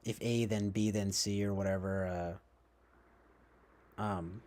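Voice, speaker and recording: A young man hosting a livestream, musing out loud in a rambling way, full of fillers, self-corrections and little chuckles. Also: on the low side, fairly even intonation, slow pace. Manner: chuckles often while talking. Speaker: livestream host. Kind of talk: casual rambling livestream talk.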